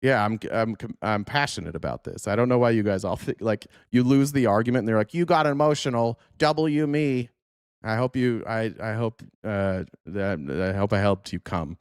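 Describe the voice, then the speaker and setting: A man's voice: on the low side, normal speed, hardly any pauses, smooth, dry recording, clean studio sound. A man hosting a political livestream, ranting heatedly with profanity and restarts while reacting to clips and chat. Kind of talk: casual livestream commentary.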